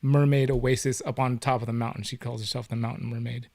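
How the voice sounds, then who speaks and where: A man's voice: medium pitch, level tone, fast, vocal fry, darkish tone, no echo. A man hosting a casual livestream interview, playful and teasing, who laughs often. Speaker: host.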